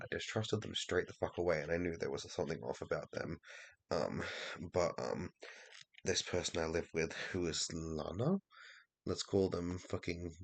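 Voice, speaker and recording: A man talking in a rambling casual monologue, swearing a lot and filling pauses with "um". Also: sits low, vocal fry, slightly rough. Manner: rambling, heavy swearing, many fillers.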